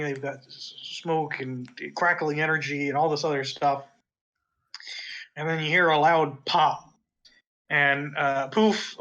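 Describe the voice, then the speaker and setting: A man who is a player in a tabletop game, talking in a relaxed, wry way. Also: fairly high pitch. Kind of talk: casual game narration. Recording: slightly dull audio.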